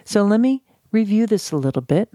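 A woman giving a measured, reflective talk on handling conflict, pausing often and repeating phrases for emphasis. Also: mid-range voice, very animated, warm tone, no echo, studio quality. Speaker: speaker on conflict de-escalation. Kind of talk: talk on civility.

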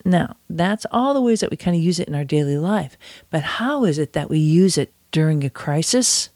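A man's voice: a little high, expressive, normal speed, darkish tone, no room sound. A man talking casually from his office, teaching a lesson about breathing and sometimes mocking himself as he demonstrates. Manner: chatty and self-mocking, demonstrates chants aloud. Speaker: author and instructor.

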